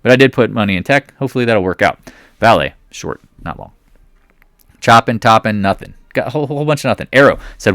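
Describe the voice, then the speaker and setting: A man hosting a trading channel, giving casual market commentary in an excitable, jokey way with rambling asides. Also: medium pitch, fairly quick, no echo, clean studio sound.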